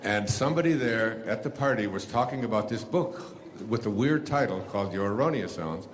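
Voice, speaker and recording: An older man with a very low voice tells a loose, meandering story to a live audience, stopping and restarting often. A faint hum of ambience sits under him. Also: expressive, fairly quick. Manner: rambling, many fillers and restarts. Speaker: author and speaker.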